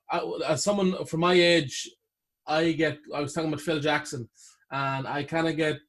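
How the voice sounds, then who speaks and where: A man from Ireland hosts a relaxed sit-down interview. His voice sits slightly high, and he talks in a loose, chatty way, thinking aloud with frequent fillers as he builds toward each question. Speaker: interviewer, host. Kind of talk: casual interview chat.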